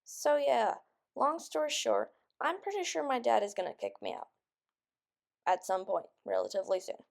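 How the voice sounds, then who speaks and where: A woman's voice: fairly high pitch, lively intonation, moderate pace, gravelly. A young woman venting in a rambling vlog, frustrated and stressed, sounding close to tears and just woken up. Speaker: vlogger.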